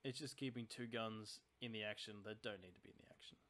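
A man's voice: fairly low pitch, fairly even intonation, quick pace, a bit bright. A man hosting his channel, giving casual let's-play commentary and thinking aloud about tactics in a chatty, analytical way. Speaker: channel host playing a naval strategy game.

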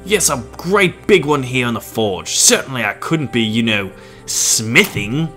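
A man's voice: mid-range voice, lively intonation, measured pace, sharp tone, faint music behind. A man voicing a sarcastic medieval blacksmith in a raised, dry tone.

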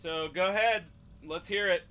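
An actor playing a tired male casting director running auditions in a flat, businesslike way. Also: sits high, normal speed, lo-fi sound. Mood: bored.

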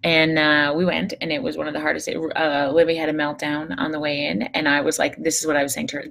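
A woman with a low, gravelly voice speaks casually to a live audience. She is a psychologist telling a personal story, candid and blunt, dropping swear words and trailing off into fillers. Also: level tone, quick pace, few pauses, fairly bright tone. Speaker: psychologist and host of a live show.

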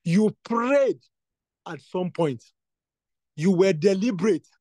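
High-voiced man leading fervent prayer. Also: animated, takes it slowly, dark tone, no echo. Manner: repetitive, insistent, builds to fervent bursts. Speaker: prayer leader. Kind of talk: exhortation and spoken prayer.

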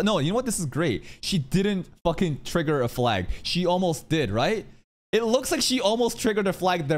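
A man reacting to an anime episode in casual, excitable commentary. He swears freely and jokes at the screen. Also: a little high. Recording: anime audio playing behind him.

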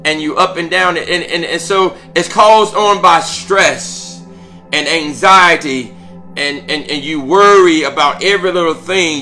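A man's voice: fairly high pitch, measured pace, pushed and bright, soft background music. A man leading a prayer call, preaching fervently, repeating himself with stammered restarts and calls of praise. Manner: interjects "glory to God" and "hallelujah".

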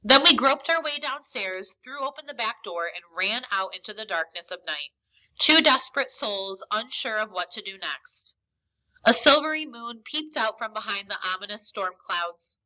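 Very bright teacher reading aloud. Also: female voice, fairly high pitch, moderate pace, rough recording. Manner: expressive storytelling. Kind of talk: reading a novel aloud for a lesson.

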